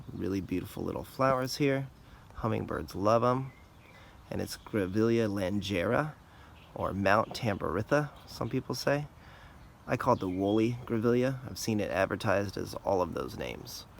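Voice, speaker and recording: A man hosting a casual outdoor garden tour, explaining plants in a relaxed, informal way. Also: fairly low pitch, creaky, slight background noise. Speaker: garden channel host.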